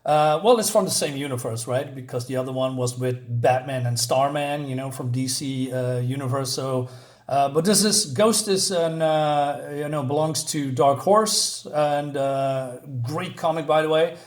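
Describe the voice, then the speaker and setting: A man recapping a comic book plot in a casual video review, full of pauses and fillers. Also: mid-range voice. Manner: hesitant, many fillers while retelling a plot.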